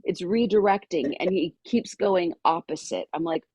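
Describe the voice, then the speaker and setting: A middle-aged woman guest on a podcast, telling a personal story with lively energy and acting out the voices of people in it. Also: on the low side, moderate pace, hardly any pauses, slightly rough, dry recording, lo-fi sound. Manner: lively storyteller who acts out quoted voices.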